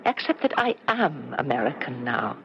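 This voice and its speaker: A woman's voice: extremely low pitch, big pitch swings, moderate pace, gravelly, exaggerated voice. A playful Frenchwoman of middle age, in a muffled radio drama. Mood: tender. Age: middle-aged. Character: middle-aged French wife, former resistance fighter, playful. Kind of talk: 1970s radio drama acting. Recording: muffled old radio broadcast with hiss.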